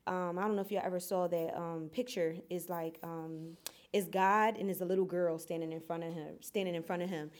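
A woman's voice: on the low side, fairly even intonation, fairly quick. Reflective woman sharing a story. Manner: reflective, speaks in short phrases with fillers. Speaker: group participant. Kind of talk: casual personal sharing. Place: small indoor group setting.

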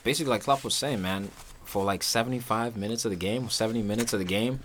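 A man's voice: fairly low pitch, fast, fairly bright tone, a little hiss or hum. A man co-hosting a casual soccer podcast, ribbing his friends with wisecracks. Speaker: podcast co-host.

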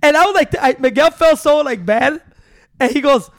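A man hosting a podcast, telling a story in animated, swearing casual chat with Spanish words mixed in. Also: very high-pitched, normal speed, no room sound, studio quality. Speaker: podcast host.

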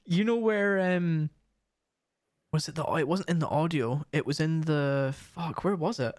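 A young man telling gig stories in casual chat, animated and full of swearing. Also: a little high, unhurried, no room sound, clean studio sound.

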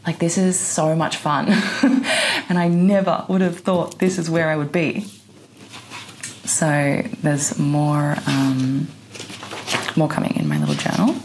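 A young woman talks through her own podcast in a low voice with a gravelly, fry-laden edge. Her speech is loose and chatty, full of "like"s, easy laughter and offhand swearing. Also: little pitch movement, a little slow, noisy background. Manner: chatty, says "like" a lot, laughs often, swears casually. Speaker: podcast host. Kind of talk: casual solo podcast monologue.

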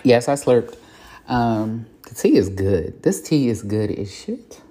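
A woman's voice: very deep voice, big pitch swings, slow, background noise. A woman hosting a solo podcast, talking frankly and reflectively with casual swearing and plenty of fillers. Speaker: podcast host. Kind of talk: candid solo podcast monologue.

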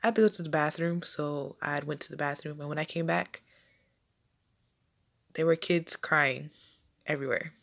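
A young woman telling a personal childhood story, halting with repeats and restarts. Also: low voice, creaky.

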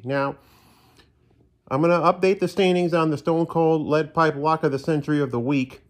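Folksy man hosting a podcast. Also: fairly high pitch. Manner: folksy, self-deprecating, chatty. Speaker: podcast host. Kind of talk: casual solo podcast monologue. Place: living room at home.

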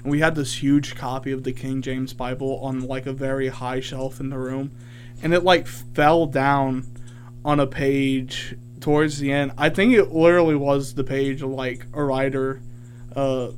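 A man's voice: mid-range voice, measured pace, a little hiss or hum. A young man hosting a college radio show, telling a rambling story with lots of fillers. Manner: animated, rambling with many fillers. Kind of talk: casual storytelling chat.

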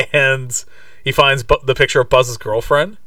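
A man's voice: mid-range voice, fairly even intonation, unhurried, far from the mic, very noisy. A man co-hosting a casual podcast, chatty and playful as he retells a movie scene by scene. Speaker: podcast co-host. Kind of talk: casual movie recap chat.

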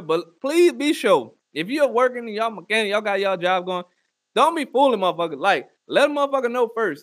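Crude, blunt male ranter with a high voice, dry close sound, doing comic advice. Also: sing-song, brisk, fairly bright tone, no room sound. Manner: crude, blunt, giving mock advice to listeners. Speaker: comedic ranter. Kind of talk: profane comedic rant.

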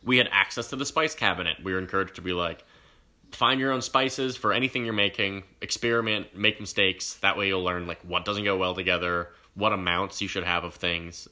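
A young adult man hosting a casual podcast chat, telling an animated story and laughing as he goes. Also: low voice. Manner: animated storyteller who acts out quoted voices. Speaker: podcast host.

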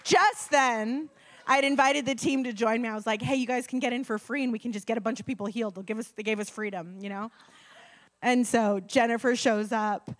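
Woman preacher, lively storytelling sermon, drops to near-whispers for emphasis. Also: on the high side, fast. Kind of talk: sermon with testimony.

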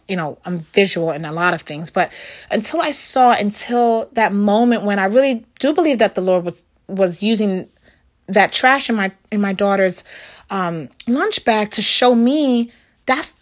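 A middle-aged woman giving a casual Christian devotional talk, animated and conversational, full of fillers and little acted-out quotes. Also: mid-range voice.

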